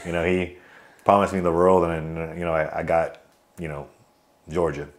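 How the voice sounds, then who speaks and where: A man in his thirties with a very deep voice tells stories as an interview guest. He is an outgoing joker who talks loosely and rambles, circling back with fillers and restarts. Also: level tone, moderate pace. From California. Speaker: army veteran guest. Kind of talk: casual interview storytelling.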